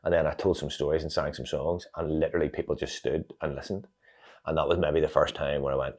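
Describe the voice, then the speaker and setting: A Northern Irish man, an interview guest, telling a personal story in a reflective, animated way with many fillers. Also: extremely low pitch, fast. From Northern Ireland.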